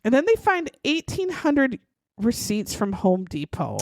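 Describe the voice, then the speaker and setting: A woman's voice: on the high side, wildly swooping pitch, unhurried. A woman co-hosting a podcast, retelling a true-crime case in a profane, sarcastic, exasperated way. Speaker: podcast co-host. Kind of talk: casual true-crime storytelling.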